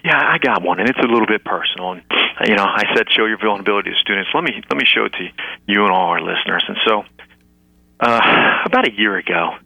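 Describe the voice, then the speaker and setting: A middle-aged man with a low, gravelly voice speaks as an interview guest. His tone is very bright and forward, and the sound is close and dry. He talks earnestly, stumbling over repeated words and rising to emphatic peaks. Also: expressive, fast talker, no echo, low-quality recording. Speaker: guest, educator and author. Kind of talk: heartfelt podcast interview.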